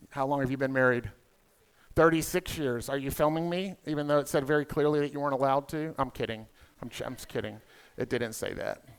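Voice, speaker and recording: Southern man doing quick crowd work. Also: mid-range voice, smooth. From South Carolina. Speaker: emcee comedian. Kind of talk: stand-up comedy emcee. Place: conference hall stage.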